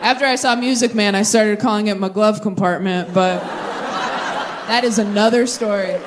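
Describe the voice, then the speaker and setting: A woman in her thirties doing stand-up with crowd work, self-mocking and quick with asides, on a club stage. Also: medium pitch, steady tone, background noise. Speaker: stand-up comedian. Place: comedy club stage with audience.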